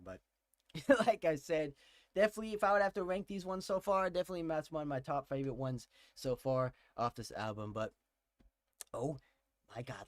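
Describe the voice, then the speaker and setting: Excitable higher-voiced man reacting to music. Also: dry recording, studio quality. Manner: excitable, gushing, repeats exclamations. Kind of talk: casual album reaction commentary.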